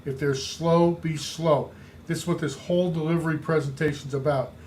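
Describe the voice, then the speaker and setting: A man with a somewhat high voice coaches real estate agents in an emphatic, driving way. He repeats key phrases to hammer them home, speaking straight to his listeners as their trainer. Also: fairly even intonation, normal speed, a little mellow, a little hiss or hum.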